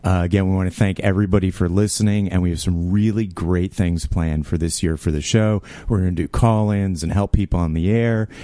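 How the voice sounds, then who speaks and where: A man's voice: low voice, steady tone, a little fast, hardly any pauses, dark tone, no room sound. A man co-hosting a podcast, chatting casually and upbeat about the new year. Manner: upbeat, enthusiastic. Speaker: podcast co-host. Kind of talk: casual chat.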